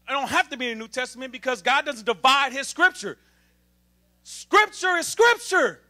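A man preaching an emphatic sermon to a congregation, calling for responses from the pews and building up to shouting. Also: very high-pitched. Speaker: assistant minister.

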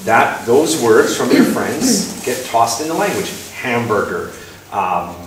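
A Canadian guest speaker gives an informal public talk in a casual lecture style, his mid-range voice swinging widely in pitch at a slow pace. He's hesitant, with many ums and restarts plus playful asides. The recording is distant, in a very echoey hall with faint noise.

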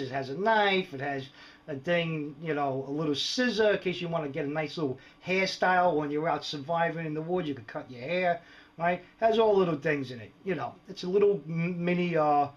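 A middle-aged man giving a casual, jokey show-and-tell of his gear mods, rambling and often checking in with the viewers. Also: fairly high pitch. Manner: jokey, rambling, lots of "all right" and "right?". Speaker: prepper vlogger showing gear mods. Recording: dull lo-fi home video sound.

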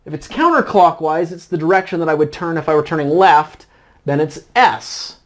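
A man's voice: on the high side, animated, moderate pace. A middle-aged man teaching chemistry at a board in a casual, folksy lecture. He keeps asking himself questions aloud and then answering them. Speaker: chemistry tutor. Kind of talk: whiteboard lecture.

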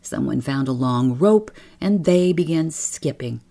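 A woman narrating a bedtime story in a soft, slow, often whispered manner, with a husky, creaky voice. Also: sits low, animated.

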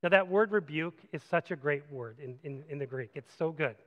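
A man preaching a sermon as pastor, animated, moving from loud acted-out quotes to quiet reflective passages. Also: on the high side, normal speed, long reverb tail, highs cut off. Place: church sanctuary.

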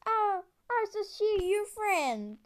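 High-pitched woman telling a homemade story, super slow, broken english, lots of restarts. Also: a bit bright, slight background noise. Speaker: storyteller voicing her own characters. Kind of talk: homemade story video narration.

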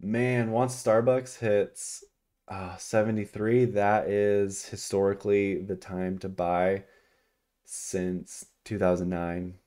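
A young adult man talking casually as he charts stocks on screen, thinking aloud with frequent ums and excited exclamations. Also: on the low side, slow pace. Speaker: stock market vlogger. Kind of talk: casual screen-share commentary.

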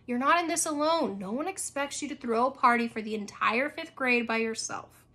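A woman reading aloud as a calm father who is reassuring his daughter, her delivery steady and soothing. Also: on the high side, normal speed.

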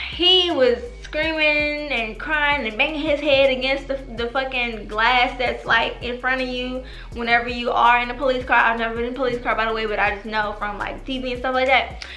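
Young woman, AAVE speech, bright tone, roomy echo, faint music under; animated, profane storyteller. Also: a little high, normal speed. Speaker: vlogger. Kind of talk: storytime vlog. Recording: echoey room with music behind.

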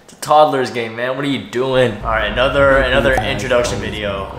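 A man's voice: medium pitch, fast talker. A man giving mocking reaction commentary, scoffing and exasperated. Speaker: reaction YouTuber. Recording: roomy with music playing.

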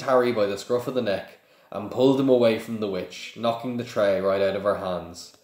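A man reads a children's storybook aloud in a plain, unpolished way, now and then stumbling and restarting. His voice sits low. The room around him is echoey. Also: normal speed, a little mellow. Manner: plain, with small slips and restarts. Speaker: reader.

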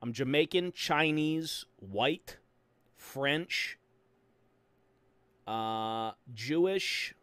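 A young man from Canada streaming a game, excitable, goofy and profane in casual chat. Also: medium pitch, extremely slow, pauses often, clear, resonant tone, dry recording.

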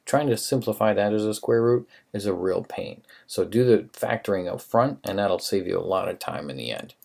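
A man with a very low, gravelly voice that has a husky edge, teaching math in a recorded lesson. He talks casually and works through each step out loud. His tone is encouraging throughout. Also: animated, normal speed.

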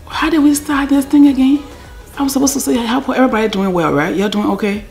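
A woman's voice: high voice, quick pace, darkish tone, faint music behind. A middle-aged woman with a Liberian English accent, chatting casually to her camera at home, wandering off-topic and sometimes sinking to a near-whisper. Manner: rambling, talks to herself, drops to near-whispers. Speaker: vlogger.

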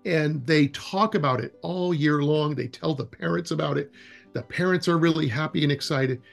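A man's voice: a little high, normal speed, gravelly, soft background music. A man being interviewed about outdoor education, telling anecdotes in a loose, rambling way and acting out the dialogue. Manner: animated, acts out quoted dialogue in anecdotes; loose and rambling, with frequent restarts. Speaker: executive director of a wilderness education program, interview guest. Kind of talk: casual interview storytelling.

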